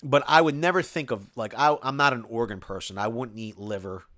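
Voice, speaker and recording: A man's voice: mid-range voice, fairly quick, pushed and bright. A man hosting a casual live stream, reading viewer comments aloud and rambling about food and tools. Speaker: live stream host answering viewer chat.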